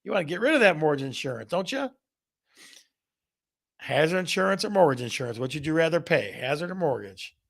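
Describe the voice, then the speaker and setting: With a slightly high voice, vocal fry and a bit of brightness, a man hosts a live real estate stream. He plays with the audience by repeating his questions and reading out the replies viewers give.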